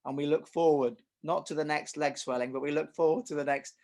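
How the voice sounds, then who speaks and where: Middle-aged man, tennis coach, casual podcast chat, animated, tells examples. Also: fairly high pitch, a little fast. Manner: animated storyteller, uses acted examples.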